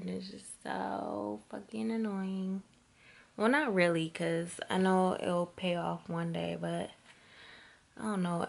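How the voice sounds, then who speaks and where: A woman's voice: on the low side, gravelly. A young woman in casual vlog chat, cursing freely and talking to her viewers as y'all, filming on a handheld phone at a mall and at home. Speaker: beauty vlogger. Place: shopping mall, then home. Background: loud music.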